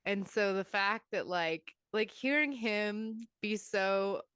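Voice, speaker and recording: A woman co-hosting a podcast, recapping a story in casual chat with expressive quoted voices. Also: mid-range voice, slow, clean tone, no room sound, studio quality. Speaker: podcast co-host.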